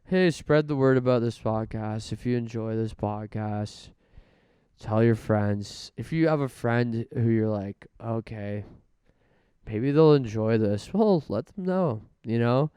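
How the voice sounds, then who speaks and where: A man's voice: lowish voice, a little slow, dark tone, clear, resonant tone, dry recording, clean studio sound. A man hosting a solo podcast, rambling through jokes and self-mocking asides. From Canada. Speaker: podcast host.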